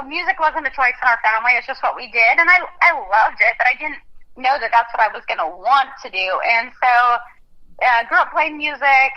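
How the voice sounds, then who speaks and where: A young adult woman from Texas, a country singer, chatting casually in an interview and laughing often, heard over a phone line. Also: high voice. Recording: muffled phone-line audio.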